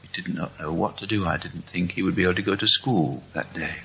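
Gravelly deep-voiced man, earnest testimony. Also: sharp tone, a little hiss or hum. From England. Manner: slow, earnest storytelling. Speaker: speaker at a Christian meeting. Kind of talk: testimony talk. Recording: dull lo-fi recording.

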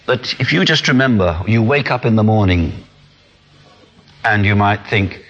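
A man's voice: fairly low pitch, moderate pace, pauses often. A man preaching a sermon in an earnest way, acting out the small voices people hear in their heads. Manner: earnest, animated, acts out inner voices. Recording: dull lo-fi sound.

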